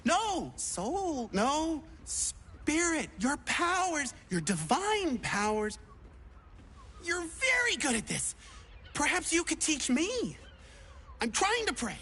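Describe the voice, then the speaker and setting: A performer voicing an eager, hapless young would-be adventurer in a video game, excitable and clumsy, fumbling for words. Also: sits high, takes it slowly, slight background noise, full character voice. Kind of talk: video game character dialogue.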